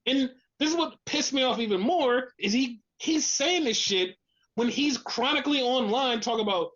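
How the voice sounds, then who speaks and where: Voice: moderate pace, muffled recording. A podcast co-host ranting in casual talk, swearing constantly and sounding fed up. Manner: profane, exasperated ranting; animated, mimics others in a lower voice.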